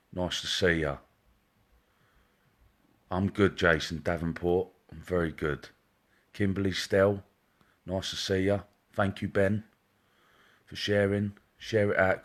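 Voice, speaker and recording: A man's voice: low-pitched, steady tone, measured pace, pauses often. A man hosting a live stream as a psychic medium, chatting casually and greeting viewers one by one by name in a chummy way. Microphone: wearing headphones.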